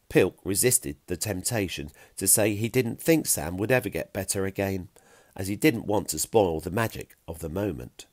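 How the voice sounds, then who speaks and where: A man narrating a children's story with a gentle, expressive reading. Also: fairly low pitch, moderate pace, dry recording, clean studio sound.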